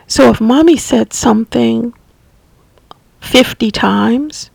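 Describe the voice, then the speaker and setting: A woman telling a personal story as a caregiver, unscripted, halting and restarting often. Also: on the high side, creaky, no room sound. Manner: halting, with frequent restarts and soft asides. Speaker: family caregiver sharing memories.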